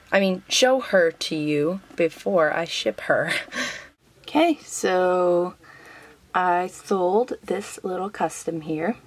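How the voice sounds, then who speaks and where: A young woman vlogging casually, chatty and giggly, with lots of ums and a slight Southern US accent. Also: on the low side. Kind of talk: casual vlog.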